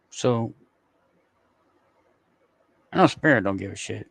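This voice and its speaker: A man's voice: lowish voice, expressive, takes it slowly, gravelly, long pauses, slightly rough, no room sound. A man streaming, reacting to news clips and chatting loosely with viewers, swearing and rambling. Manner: swearing, rambling, talking to chat by name. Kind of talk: casual live-stream commentary to chat.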